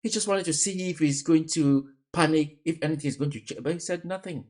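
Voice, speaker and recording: A man's voice: on the high side, a little fast, darkish tone. A man giving casual reaction commentary, emphatic and fond of repeated rhetorical questions.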